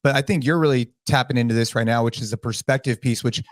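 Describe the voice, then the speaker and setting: A male podcast host talks quickly, his mid-range voice close and dry with no room around it. He reflects on his guest's points in a loose, conversational way. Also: mid-range voice, no echo. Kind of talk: casual conversation.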